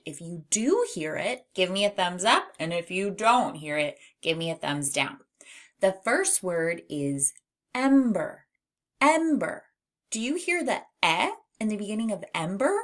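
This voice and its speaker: A woman teaching a phonics lesson to young children, speaking clearly and encouragingly and drawing out each sound. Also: medium pitch. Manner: warm, encouraging, drawn-out sounds. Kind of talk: slow, clear early-reading lesson for children.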